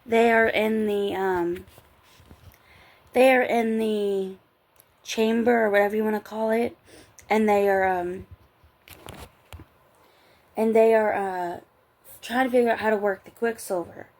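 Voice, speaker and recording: A woman's voice: mid-range voice, steady tone, measured pace, pauses often, darkish tone. A tired woman chatting casually late at night, rambling and giggling as she reviews a book. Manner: rambling, giggly, trails off and restarts. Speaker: book vlogger.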